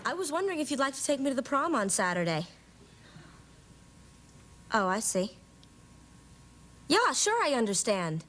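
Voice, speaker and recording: A woman's voice: sits high, very animated, normal speed, long pauses, fairly bright tone. An actress playing an awkward teenage girl who talks in dry, self-deprecating quips, in 1980s sitcom style. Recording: noisy old TV sitcom audio.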